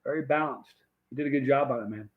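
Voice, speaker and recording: A man's voice: medium pitch, fast, phone-quality sound. A man hosting a livestream, rambling in a folksy, casual way and reading out viewer comments. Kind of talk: casual chat.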